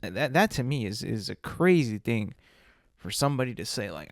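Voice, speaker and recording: A man's voice: mid-range voice, sing-song, normal speed, dry recording, studio quality. A man hosting a podcast, talking in a casual comedic monologue, rambling through restarts and rhetorical questions. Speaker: podcast host.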